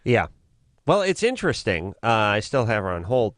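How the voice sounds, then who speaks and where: Brief: male radio co-host, lively sarcastic riffing, dry close studio mic. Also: fairly low pitch, moderate pace, no echo. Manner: sarcastic, riffing comic delivery. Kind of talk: late-night call-in radio banter. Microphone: studio broadcast microphone.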